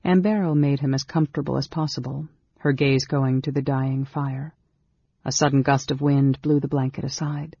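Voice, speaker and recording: An audiobook narrator reads a fantasy story at a steady, measured pace. The voice has a gravelly, raspy edge and sits in a middle pitch. The recording is dry and a little dull. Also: no room sound. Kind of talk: scripted narration.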